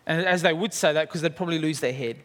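A man's voice: a little high, fast, a bit bright. A man preaching a sermon, telling a story vividly and asking rhetorical questions, in a church hall. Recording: long hall reverb.

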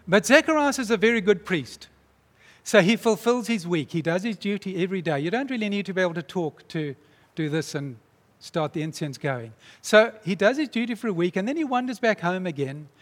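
Lively preacher guy telling a story, high voice, echoey hall. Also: fairly quick. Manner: animated, dramatic storyteller. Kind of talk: sermon storytelling. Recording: long reverb in a large hall.

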